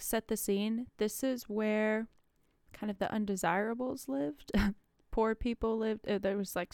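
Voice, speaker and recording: A woman's voice: mid-range voice, clear, resonant tone, no room sound, studio quality. A woman co-hosting a casual podcast, recapping a movie with frequent laughs. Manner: laughs often, chatty and relaxed. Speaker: podcast co-host.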